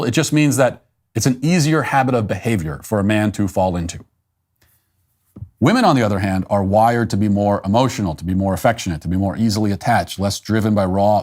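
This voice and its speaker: Low-voiced man delivering an opinion monologue. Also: a little mellow. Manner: measured and emphatic, slowing down to stress points. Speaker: political commentary show host.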